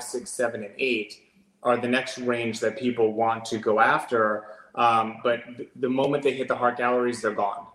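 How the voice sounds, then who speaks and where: A man's voice: mid-range voice, fairly bright tone. A man who runs an adoption agency, answering interview questions in an earnest, explanatory way with frequent ums. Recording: roomy echo.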